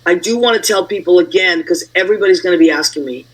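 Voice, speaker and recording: Male host, excitable and chatty, high husky voice. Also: fast talker, low-quality recording. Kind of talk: casual chat.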